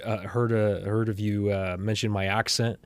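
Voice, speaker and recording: A man's voice: on the low side, little pitch movement, moderate pace, clear, resonant tone, no echo. A man from Canada with a Canadian accent, a podcast producer in casual chat. He speaks earnestly and emphatically, often repeating his point.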